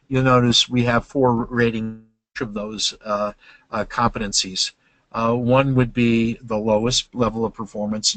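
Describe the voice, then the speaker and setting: An older man explains things to teachers in a webinar, patient and halting, often stopping on "uh" and starting over. His voice sits at an ordinary middle pitch. The recording is dry and close, with no room sound. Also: a bit bright, no room sound, poor audio. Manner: explanatory, many "uh" fillers and restarts. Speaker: webinar presenter.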